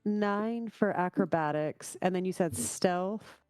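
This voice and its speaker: A woman's voice: on the low side, slow pace, darkish tone, clear, resonant tone, no echo, faint music behind. A woman playing a tabletop game, reading out her rolls with giggles. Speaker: player. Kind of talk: casual tabletop play.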